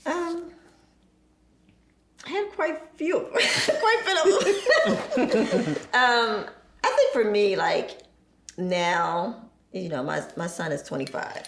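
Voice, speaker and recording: A woman's voice: on the high side, slow, gravelly, pauses often, echoey room, a little hiss or hum. A woman in her forties chatting on a podcast, telling stories with laughter and acting out her children's voices. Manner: lively storyteller, acts out her children's voices, laughs often. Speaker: podcast guest. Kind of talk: casual chat.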